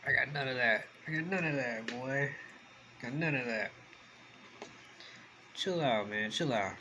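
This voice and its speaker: A man's voice: mid-range voice, bright, forceful tone, a little hiss or hum, poor audio. A man eating on camera and chatting casually, talking with his mouth full. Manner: slow eater. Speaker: mukbang vlogger. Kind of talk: casual eating vlog chat.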